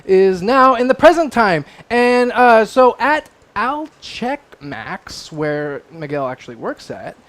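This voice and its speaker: Casual male panelist, high-pitched, rambling and excitable. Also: slow, few pauses. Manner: rambling, excitable, restarts while retelling a plot. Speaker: panelist presenting a comic. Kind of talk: excited casual comic book chat.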